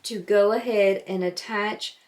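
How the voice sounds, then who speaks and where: Calm woman teaching a sewing tutorial. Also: mid-range voice, a little slow. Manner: calm, patient, walks through each step. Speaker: sewing instructor.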